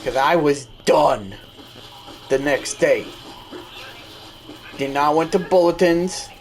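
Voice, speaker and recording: A man's voice: on the high side, slow pace. A man telling a personal story in casual chat while gaming, rambling and restarting his sentences. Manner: rambling, restarts and self-corrections. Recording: noisy background.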